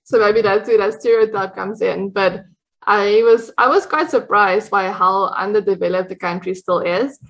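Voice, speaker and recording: A woman's voice: mid-range voice, moderate pace, rough recording. A woman with a South African accent, chatting as an interview guest, laughing often and restarting her sentences. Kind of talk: casual conversation.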